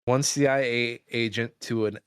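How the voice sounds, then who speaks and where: A man's voice: mid-range voice, steady tone, moderate pace, clean tone, no echo. A man co-hosting a casual movie podcast, swearing freely and acting out quotes in silly voices. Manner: profane, jokey, acts out quotes. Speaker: podcast co-host.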